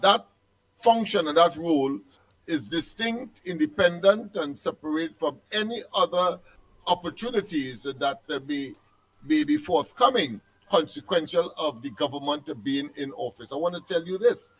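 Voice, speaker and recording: A man's voice: fairly high pitch, expressive, moderate pace, fairly bright tone, low-quality recording. A man talking on a radio program in a pompous, wordy and formal way.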